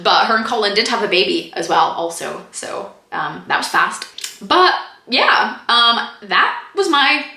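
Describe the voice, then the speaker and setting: A young TV review vlogger chats casually to the camera about a series she just finished, her mid-range voice bright, forceful, sing-song and creaky. She peppers her talk with "like," quick laughs, and lines acted out in mock voices, while the room echoes around her.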